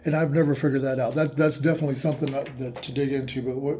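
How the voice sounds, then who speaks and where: Mellow-voiced man musing aloud. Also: medium pitch, little pitch movement, rapid-fire. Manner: rambling, reads text aloud and comments. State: emotional, eyes watering. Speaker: host reading aloud and reacting. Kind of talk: casual monologue.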